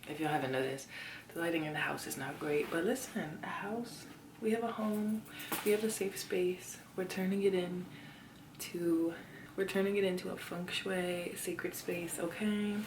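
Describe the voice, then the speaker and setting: A young woman in her twenties chats expressively to her viewers from her bedroom, her voice pitched a little low. She sometimes slips into a hush. A clear hiss of background noise runs under the home recording. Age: 20s. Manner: expressive, talks to viewers as y'all, drops into whispers. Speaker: lifestyle vlogger. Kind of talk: casual chatty vlog talk to the camera.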